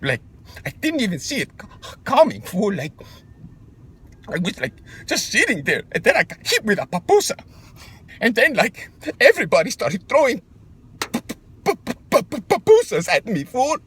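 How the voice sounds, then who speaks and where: A man's voice: sits high, wildly swooping pitch, moderate pace, pauses often, a bit bright, slightly rough, exaggerated voice. A man playing a touchy macho street guy. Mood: defensive. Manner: slangy drawl, calls everyone fool. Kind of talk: comedy sketch monologue.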